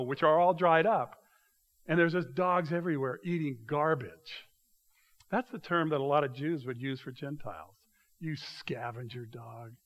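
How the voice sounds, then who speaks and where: Animated man preaching a casual sermon. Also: a little high. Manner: conversational, animated preaching with many restarts. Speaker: pastor.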